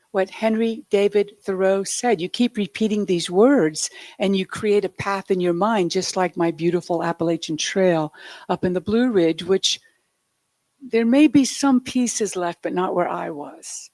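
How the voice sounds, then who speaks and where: Woman, meditative sermon, slow unhurried delivery, soft reflective manner, dry close sound. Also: medium pitch, no room sound. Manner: soft, reflective, with light joking asides. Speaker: spiritual speaker.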